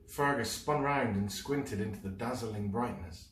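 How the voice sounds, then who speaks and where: A man reading a children's book aloud as a storyteller, in an expressive, dramatic way. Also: mid-range voice, unhurried, slight background noise. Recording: roomy, mic at a distance.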